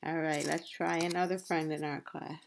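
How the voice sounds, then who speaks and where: A woman teaching young children, repeating words slowly and spelling them out syllable by syllable with steady encouragement. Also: low voice, vocal fry. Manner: slow, drawn-out syllable-by-syllable repeating of names, encouraging. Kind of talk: online class lesson for young children. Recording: loud steady background noise with clicks.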